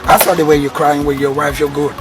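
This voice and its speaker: A man's voice: fairly high pitch, little pitch movement, quick pace, recorded from a distance. A man in a comedy skit playing a grandson, hesitant and asking to be taught. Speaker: comic foil playing a grieving grandson. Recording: loud music behind.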